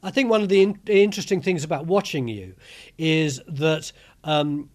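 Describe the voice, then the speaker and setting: An older man hosting an interview, speaking in a halting way with frequent word repeats. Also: fairly high pitch. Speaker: host. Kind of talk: conversational interview.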